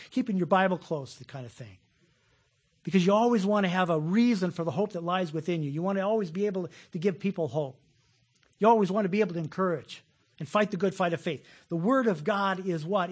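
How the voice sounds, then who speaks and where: Husky high-voiced male pastor preaching. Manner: folksy, animated preaching with jokes and acted-out voices. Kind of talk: sermon.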